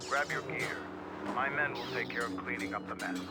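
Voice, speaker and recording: An actor playing a practical soldier escort in a video game, speaking briskly. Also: male voice, mid-range voice, loud music behind the voice, natural voice. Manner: brisk and businesslike.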